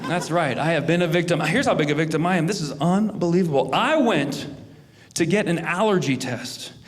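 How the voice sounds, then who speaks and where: A man's voice: fairly high pitch, brisk, a faint crowd. A male stand-up comedian telling self-mocking stories on stage to a live audience. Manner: animated, self-mocking, storytelling. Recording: live room with audience laughter and noise.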